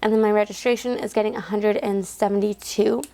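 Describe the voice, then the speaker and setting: A woman's voice: medium pitch, steady tone, a little fast, dark tone. A young woman vlogging casually to her phone camera indoors, chatting with lots of "like" fillers and counting cash aloud.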